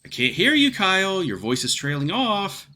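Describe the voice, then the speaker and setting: A man voicing a spirited, quick-tempered young woman fighter from a fantasy game, reading her lines with a teasing, sharp-tongued bite. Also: high voice, very animated, a little hiss or hum, pitched above the performer's own voice, heavily acted. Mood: pleading.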